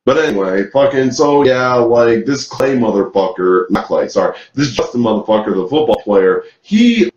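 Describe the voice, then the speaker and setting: A man's voice: medium pitch, very animated, normal speed, hardly any pauses, a little mellow, reverberant, dull audio. A man giving a profane, angry rant as a show reviewer, swearing constantly and leaning on "like" as filler. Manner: swears heavily, rants angrily with filler "like".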